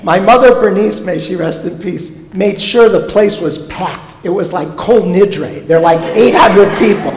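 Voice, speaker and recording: Man, comic storyteller, high voice, echoey sanctuary with long reverb. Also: unhurried, few pauses. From Omaha, United States. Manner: animated, comic storytelling with punchlines. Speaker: guest speaker, professor of Jewish education. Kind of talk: storytelling sermon talk. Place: synagogue sanctuary.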